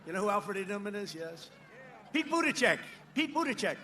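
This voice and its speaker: A man speaking at an outdoor rally through a podium microphone, his voice pitched high and sharp. He mocks and repeats himself and punches lines out over the crowd, with a faint murmur of ambience behind him. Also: very animated, fairly quick, a little hiss or hum. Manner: boastful, mocking, repetitive, shouting over a crowd. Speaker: politician addressing a rally crowd. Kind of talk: campaign rally speech.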